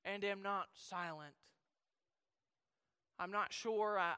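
Male preacher, high and piercingly bright, smooth tone; alternates shouting peaks with hushed scripture reading. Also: long reverb tail. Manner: swings between loud shouted passages and quiet, low-voiced reflection; reads scripture in old-fashioned Bible phrasing. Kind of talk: sermon.

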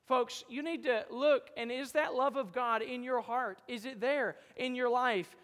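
A man preaching a sermon as pastor, quoting old-style scripture, swinging between loud emphatic peaks and quiet low lines. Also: fairly even intonation, measured pace, few pauses. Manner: quotes King James scripture. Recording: long hall reverb.

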